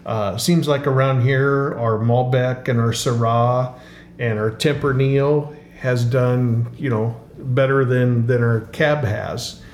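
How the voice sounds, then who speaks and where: Slow, halting middle-aged man in a roomy tasting room. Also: mid-range voice, steady tone, a little mellow, a little hiss or hum. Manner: halting, many fillers and restarts. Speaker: winery co-owner. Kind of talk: casual interview answers.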